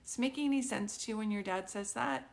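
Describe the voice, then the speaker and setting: A woman's voice: a little high, quick pace, gravelly. A woman working as a psychic medium, giving a live reading in a rambling, conversational way, full of fillers and often checking whether her words make sense. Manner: keeps checking if it makes sense; earnest, pleading tone.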